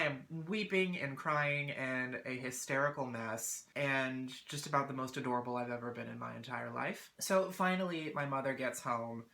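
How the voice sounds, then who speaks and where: Female vlogger, low pitch, crisp bright tone, dramatic and self-mocking. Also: normal speed, few pauses. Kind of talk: storytelling vlog.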